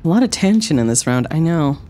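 A woman streaming a wrestling game, trash-talking with playful sarcasm, dropping low for tough lines and yelping high when surprised. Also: big pitch swings, fairly quick, warm tone, slight background noise. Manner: swings between low mock-tough lines and high yelps. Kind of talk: live gameplay commentary.

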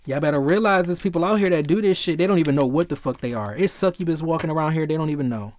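A man's voice: fairly high pitch, lively intonation, fast, hardly any pauses. A man giving a casual tarot reading, emphatic and repetitive, swearing freely. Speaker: tarot reader.

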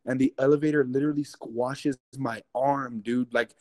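Mellow-voiced man telling a wild story. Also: medium pitch, steady tone, normal speed, no echo. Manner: rambling, profane, keeps addressing listeners as guys. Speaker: interview guest. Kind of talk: casual storytelling.

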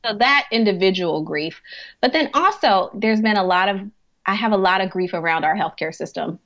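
A woman's voice: mid-range voice, animated, moderate pace, a bit bright, highs cut off. A woman who works as a hospice chaplain and grief coach, telling stories in a podcast interview in a chatty way, laughing often and saying "like" a lot.

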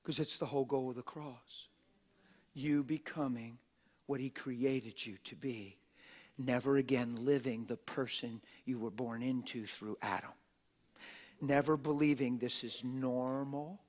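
Fiery preacher, whispers to shouts. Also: male voice, mid-range voice, steady tone, a little slow. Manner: dramatic swings from whispers to shouts; plain-spoken, street-style talk. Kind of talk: sermon. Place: church auditorium.

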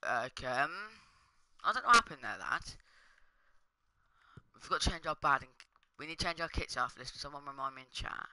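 A man's voice: on the high side, animated, brisk, bright, forceful tone, no echo. A young man commenting casually on his own gameplay, swearing and muttering under his breath. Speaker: gaming streamer.

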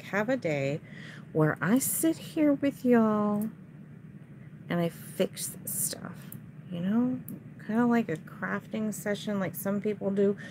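A woman talks slowly and casually to her viewers, chatty and quick to get frustrated, with frequent sighs and mutters. Her voice sits at an ordinary middle pitch. A faint background hiss hangs under the camera mic. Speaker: reseller showing items to viewers.

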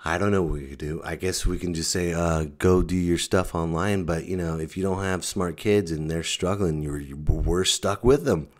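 A man hosting his own comedy podcast, ranting sarcastically, swinging from mutters to loud outbursts. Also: sits low, moderate pace, few pauses. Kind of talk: stand-up style podcast rant.

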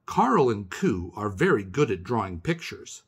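A man voicing a calm, gentle old man who speaks slowly and plainly in a storybook read-aloud. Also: on the low side, husky, heavily acted.

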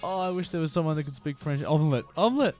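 An adult man chatting excitedly to viewers as he wraps up a live game stream, peppering his talk with "like". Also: a little high, racing, soft background music. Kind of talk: live-stream casual chat.

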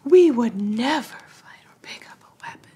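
Woman voicing a soft, fretful pixie. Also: very high voice, big pitch swings, a little slow, pitched above the performer's own voice, full character voice. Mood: earnest. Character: gentle pacifist female pixie, fretful and soft.

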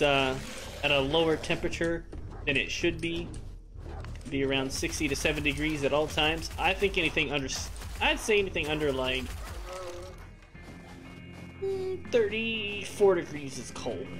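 Joking, rambling young man streaming a game. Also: on the high side. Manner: joking, rambling, animated outbursts. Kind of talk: casual live-stream chat while gaming. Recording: steady background noise.

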